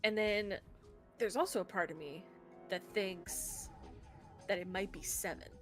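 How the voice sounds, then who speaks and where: A woman streamer chatting casually while playing a story game, excitable and giggly, often rushing her words. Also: mid-range voice, music in the background. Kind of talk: casual gameplay chat.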